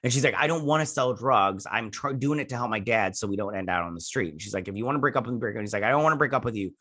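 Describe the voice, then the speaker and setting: A man's voice: fairly low pitch, rapid-fire. Rambling man recapping a TV episode. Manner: rambling, full of fillers and "he's like" retellings; voices characters' lines in a flat retelling tone. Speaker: host reviewing a TV episode. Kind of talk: casual recap and review.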